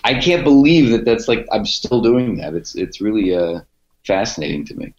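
A man's voice: on the low side, animated, moderate pace, a little mellow. A man from Cleveland, a podcaster and comedian, telling rambling stories with lots of restarts in a casual interview. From Cleveland, United States. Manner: rambling, restarting, laid-back storytelling. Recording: dull, echoey room sound.

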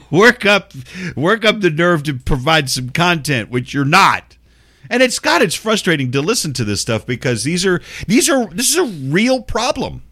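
Older man, podcast host, cranky rant, profane, sarcastic, lively swooping pitch. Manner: cranky, sarcastic, swears constantly. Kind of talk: profane ranting commentary.

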